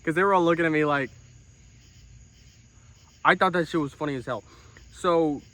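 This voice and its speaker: Young man, comic monologue, bright forceful voice, slightly high, deadpan and self-important. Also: normal speed. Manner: deadpan self-important, swearing, bursts of outrage. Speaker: comedic storyteller in character. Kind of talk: comedic monologue.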